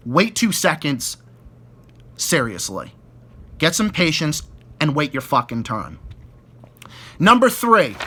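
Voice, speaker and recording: A man's voice: high-pitched, bright, forceful tone. A young man ranting about annoying people at work, exasperated, swearing heavily and stumbling over repeated words. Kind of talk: profane casual rant.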